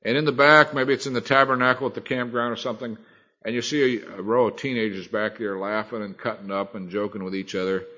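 A man preaching a sermon, earnest and emphatic, swinging between loud and soft. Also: on the low side, highs cut off.

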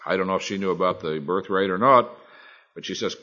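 A man's voice: sits low, a little fast, sharp tone, dull audio. A middle-aged man, a Bible teacher, preaching a sermon in a folksy, colloquial storytelling manner.

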